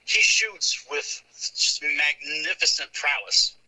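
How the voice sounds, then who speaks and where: A man's voice: a little high, expressive, slow pace, bright, forceful tone, rough recording. A young man with a thick Southern accent, a podcast guest musing thoughtfully about philosophy, with many restarts. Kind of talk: casual philosophical chat.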